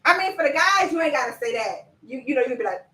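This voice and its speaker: A woman coaching viewers in a lively live-stream chat, talking to them directly and laughing often. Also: sits high, quick pace, roomy sound, far from the mic, low-quality recording. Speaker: business coach.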